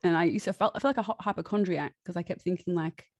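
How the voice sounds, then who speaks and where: A woman tells a personal story in a loose, chatty way, often laughing and breaking off to restart her sentences. Her voice sits a little low, and the recording is close and dry. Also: quick pace, a little mellow, dry recording, muffled recording. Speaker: guest.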